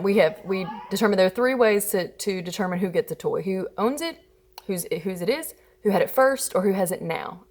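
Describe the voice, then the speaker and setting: A woman in her thirties, a mother talking casually about parenting and telling expressive stories about her kids. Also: on the low side. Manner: chatty and expressive, acting out her children's whiny voices. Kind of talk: casual storytelling advice.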